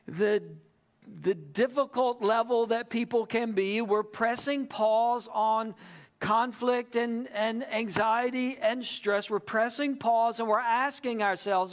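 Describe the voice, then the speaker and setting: Male pastor, higher-pitched voice, chatty sermon delivery with frequent audience check-ins. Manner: conversational, repeats "right?" to the audience.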